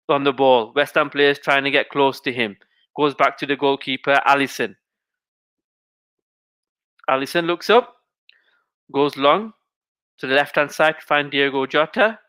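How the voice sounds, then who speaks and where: A man doing live play-by-play football commentary, calling each pass in quick running phrases. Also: mid-range voice, clear, resonant tone, no echo. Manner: rapid running play-by-play, rising to excited shouting at goals.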